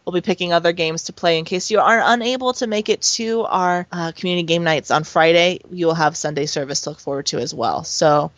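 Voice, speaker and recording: A woman's voice: fairly low pitch, fairly quick, hardly any pauses, no echo, dull audio. A woman hosting a gaming podcast in casual chat, giggling often and swearing freely. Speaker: podcast host.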